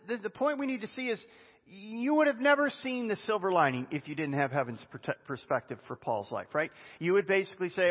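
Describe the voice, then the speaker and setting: A man preaching a sermon as a pastor, animated and conversational, with chatty asides. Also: on the high side, slightly rough. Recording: dull lo-fi sound with long reverb in a hall.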